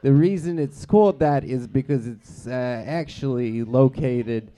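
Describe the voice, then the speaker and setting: A man's voice: mid-range voice, a little slow, dark tone, lightly acted. A man in improv comedy playing a brash, crude working-class guy who rambles and swears. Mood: ranting.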